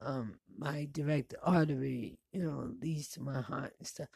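Speaking a little slowly, a female vlogger in her forties delivers a casual personal monologue to the camera in a low, gravelly, darkish voice. She's blunt, swears liberally and laughs between stories, with no room sound.

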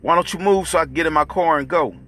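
A man voicing an arrogant, drunk police officer who talks loud and slurs his words. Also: fairly low pitch, moderate pace, a little hiss or hum. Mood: yelling. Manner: loud, swaggering, slurring. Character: arrogant drunk male cop, bullying and crude.

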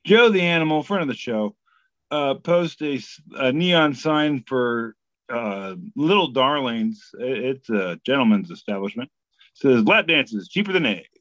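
A man's voice: medium pitch, expressive, unhurried, fairly bright tone, dry recording, lo-fi sound. A man hosting a podcast, reading memes aloud in casual, profane comedic chat. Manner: laid-back, profane, breaks into sung bits.

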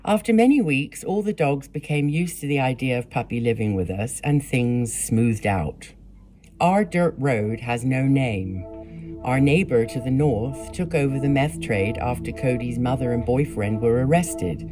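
Woman, very low mellow voice, measured memoir narration over faint music. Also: lively intonation. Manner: measured, plain storytelling with blunt profanity in quotes. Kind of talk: first-person memoir reading.

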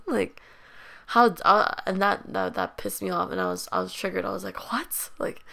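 A young woman telling her own painful story with deep vocal fry running through her speech. Her tone is bright and sharp. She sounds raw and blunt, leans on "like" constantly, and swears casually. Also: very animated, a little fast. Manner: raw, emotional, heavy use of "like" fillers. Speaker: podcast host. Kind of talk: candid personal storytelling.

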